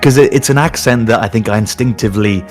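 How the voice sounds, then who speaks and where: A man, a voice actor, chatting in an interview, animated and self-mocking, laughing often as he tells stories. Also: lowish voice, quick pace, faint music behind. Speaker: voice actor guest. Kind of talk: casual interview chat.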